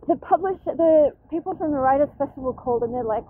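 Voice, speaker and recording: A woman's voice: high voice, expressive, fast talker, hardly any pauses. A woman hosting a podcast, chatting casually and rambling through a story with lots of fillers and restarts, recorded outdoors in a city. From Australia. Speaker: podcast host. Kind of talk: casual chat, retelling a story. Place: outdoors in a city, planes overhead. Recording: tinny phone-like recording, faint background noise.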